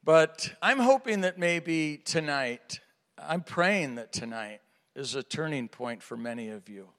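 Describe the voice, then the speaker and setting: A middle-aged male pastor delivers his sermon with a slightly raised, bright and forceful voice. He tells stories with animation and plays out the lines of the people in them. The sound carries a long reverb, as in a large church sanctuary. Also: fairly high pitch, unhurried. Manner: animated storytelling, acts out dialogue.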